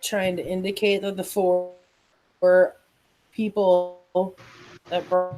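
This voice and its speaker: A woman playing a tabletop game, describing what her character does in a halting, hesitant way. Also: on the low side, flat delivery, darkish tone, poor audio. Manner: hesitant, halting, laughs often.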